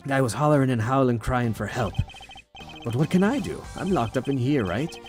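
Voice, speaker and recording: A man's voice: mid-range voice, lively intonation, normal speed, faint music behind, lightly acted. A man voicing a tough-talking male inmate boxer, with clipped street slang and an accent that keeps slipping. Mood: gruff.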